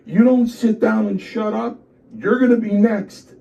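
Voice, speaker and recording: A man impersonating a gruff, menacing male wrestling boss who barks threats, his voice pushed much higher and louder than his own. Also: steady tone, a little slow. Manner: barking threats. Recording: distant dull lo-fi.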